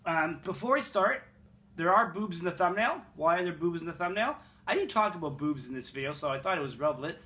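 Young montreal guy rambling n swearing on his vlog, high bright voice. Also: very animated, brisk, reverberant. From Montreal, Canada. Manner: rambling, profane, self-mocking. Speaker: vlogger. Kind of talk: casual storytelling vlog. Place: room in his apartment.

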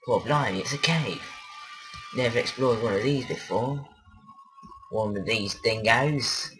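Slow, rambling man playing a game. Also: mid-range voice, over music. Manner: rambling, mumbling, unsure of himself. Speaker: let's play host. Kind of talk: rambling gameplay commentary.

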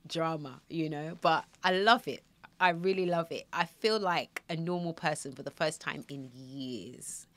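A woman's voice: low voice, a little slow, no echo. A woman hosting a podcast, chatting casually and acting out little quoted scenes. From Nigeria. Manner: chatty, animated storytelling with acted-out quotes. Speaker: podcast host. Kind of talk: casual chat.

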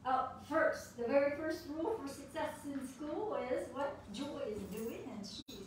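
Slow, high-voiced woman teaching kids. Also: slight background noise. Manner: animated, praising, laughing often. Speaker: children's teacher with dogs. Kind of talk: playful lesson for kids. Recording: very echoey room, distant mic.

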